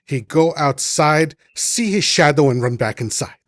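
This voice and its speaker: Earnest man, slow halting broken English, put on by a male host. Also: a little high, lively intonation, no echo, clean studio sound, voice pushed up.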